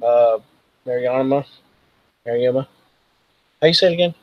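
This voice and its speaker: A man's voice: mid-range voice, a little slow, no room sound, dull audio. A man narrating as game master, loosely and with many fillers. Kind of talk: narrating a tabletop role-playing game.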